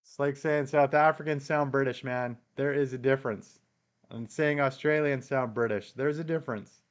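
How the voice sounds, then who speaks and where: Reading viewer comments aloud on a relaxed live stream, this Canadian man answers them and chuckles a lot. His medium-pitched voice moves at a moderate pace with fairly even intonation.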